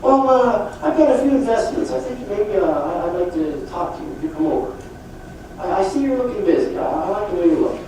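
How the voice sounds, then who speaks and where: A man's voice: high voice, animated, fairly quick, warm tone, a little hiss or hum. A man acting out an older man with some investments who hesitantly invites a young salesman over. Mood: approving. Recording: echoey hall from far off.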